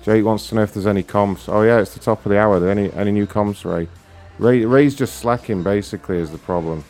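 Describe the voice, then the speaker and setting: A man's voice: fairly low pitch, a little mellow, faint music behind. A man hosting a prank-call livestream, chatting casually with bursts of swearing. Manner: casual, swearing, quick banter. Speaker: host of a prank-call stream.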